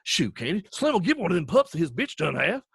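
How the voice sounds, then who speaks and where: A man doing a blunt, gruff old ranch hand who drawls and presses his point again and again. The voice sits a little higher than the speaker's own and sounds set back from the mic, in a dry, close recording. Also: sing-song, quick pace, fairly bright tone, dry recording, full character voice. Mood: insistent.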